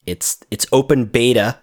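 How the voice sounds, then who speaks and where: A man's voice: mid-range voice, slow pace. A man co-hosting a casual gaming podcast, speaking hesitantly with frequent restarts. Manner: hesitant, stumbles over words. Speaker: podcast co-host.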